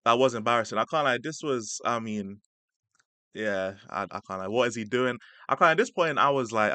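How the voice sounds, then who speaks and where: A man's voice: mid-range voice, animated, a little fast, sharp tone, no room sound. A young man hosting a casual live-stream reaction, chatting in slang and laughing often. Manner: laid-back slang-heavy chat, laughing often. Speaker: stream host reacting to a clip.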